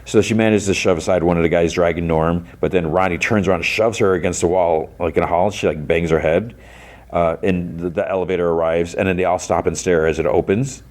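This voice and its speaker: A man's voice: low voice, steady tone, fairly quick, a little mellow. A man hosting a podcast, retelling an episode in a casual, rambling way full of "like" and restarts. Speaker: podcast host.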